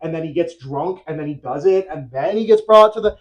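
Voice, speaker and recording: A young-adult podcast host casually retelling a story, animated and rambling, laughing often. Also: medium pitch, a little fast, muffled recording.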